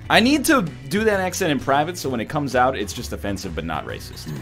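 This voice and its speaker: A man's voice: mid-range voice, fast talker, soft background music. A man reading party-game prompts aloud during a livestream, joking and laughing as he goes. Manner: jokey, animated, laughs often. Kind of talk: casual banter while playing a party game.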